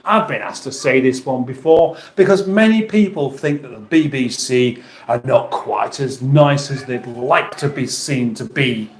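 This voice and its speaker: Reading chat aloud on a casual livestream, this British host jokes around and gives the chat names playful voices. He speaks in a mid-range voice at a measured pace with few pauses, recorded in a home kitchen with roomy echo.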